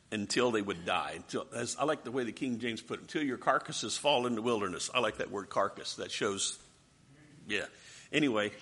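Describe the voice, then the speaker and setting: A man preaching a sermon, asking rhetorical questions with dramatic swings from soft to loud. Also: a little high, breathy edge.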